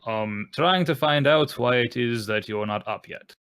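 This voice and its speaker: A man's voice: medium pitch, unhurried, a bit bright, a little hiss or hum. A man talking in character as a tabletop roleplaying player, playful and teasing.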